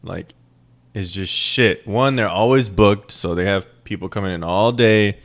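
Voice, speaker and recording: Speaking a little slowly in a lowish voice, this young man, New York-raised with Puerto Rican family roots, hosts a podcast with a casual monologue. He rambles, jokes, and swears as he rants.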